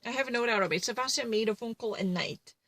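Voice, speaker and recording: A woman's voice: on the high side, quick pace, a bit bright, no room sound, poor audio. A woman retelling a true crime case in casual commentary, rambling and full of fillers and self-corrections.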